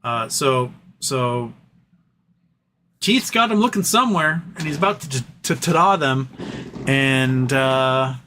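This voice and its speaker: A man's voice: mid-range voice, animated, slow pace, sharp tone, a little hiss or hum. A man hosting a casual livestream, reading viewer comments aloud in a rambling, playful way and chatting to his dog. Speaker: livestream host.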